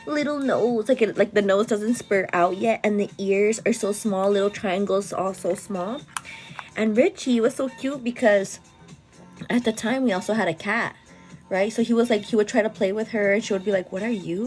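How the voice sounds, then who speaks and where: A woman chatting through a casual story as a vlogger, animated and full of "girl" and "like". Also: mid-range voice. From El Paso, Texas area.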